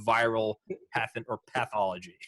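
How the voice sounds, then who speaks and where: Animated, sarcastic man on a podcast. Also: fairly low pitch, moderate pace, no echo. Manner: animated, swearing, sarcastic riffs. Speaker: podcast host. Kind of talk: casual chat.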